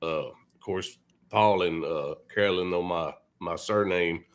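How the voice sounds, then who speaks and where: A man's voice: low-pitched, unhurried, clean tone. A man on a video call telling a rambling story, with many fillers and restarts. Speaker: guest musician and new co-host. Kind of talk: casual storytelling on a live stream.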